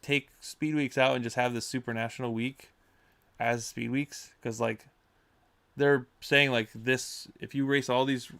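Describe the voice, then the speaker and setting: A young man in casual podcast chat, giving rambling, halting explanations full of fillers. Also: mid-range voice, steady tone, gravelly, fairly bright tone. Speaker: racing podcast participant.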